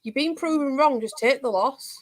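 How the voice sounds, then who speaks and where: A woman in a casual livestream chat gives blunt, exasperated comments. Her voice is high. The sound is dry and close. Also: normal speed, dry recording, rough recording.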